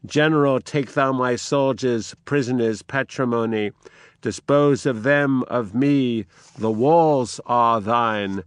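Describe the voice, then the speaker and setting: A man voicing a dying queen who hands over her power, in a grand, slow, declamatory reading from a play. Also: mid-range voice, smooth, dry recording, lightly acted.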